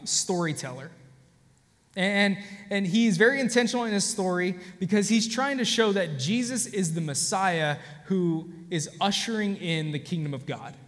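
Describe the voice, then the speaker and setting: A man's voice: high voice, in a large hall. A man pastor giving a conversational sermon, telling a personal story and talking straight to the congregation with many restarts. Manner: conversational, frequent restarts, addresses audience directly.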